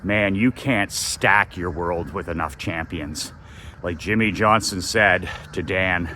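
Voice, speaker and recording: Man, low voice, forceful tone, motivational coaching talk, swears freely. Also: a little slow, a little hiss or hum. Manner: blunt and profane, with emphatic repetition. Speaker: business coach. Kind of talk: motivational monologue.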